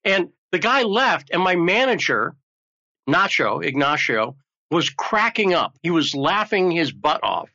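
A man's voice: fairly high pitch, very animated, a little slow, pushed and bright. A man hosting a talk show, chatting in a joking, rambling way. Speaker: show host. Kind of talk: casual talk show chat. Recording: lo-fi muffled audio.

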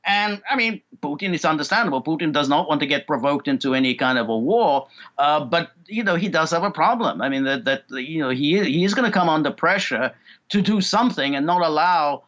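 Halting male analyst over a dull line. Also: fairly high pitch, lively intonation, fairly bright tone. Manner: halting, many fillers and repeats. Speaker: guest analyst. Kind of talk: political interview.

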